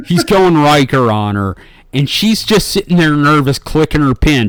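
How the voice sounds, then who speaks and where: A man's voice: mid-range voice, moderate pace, no echo, studio quality. A man in his forties co-hosting a podcast, telling stories casually with lots of swearing and laughter. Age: 40s. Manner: profane, laughing, animated storytelling. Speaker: podcast co-host. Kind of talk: casual comedic chat.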